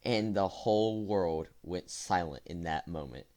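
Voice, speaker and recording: Speaking a little slowly in a low, slightly mellow voice, a young man tells his viewers a meandering story. Fillers, restarts and self-corrections pepper his casual storytime vlog.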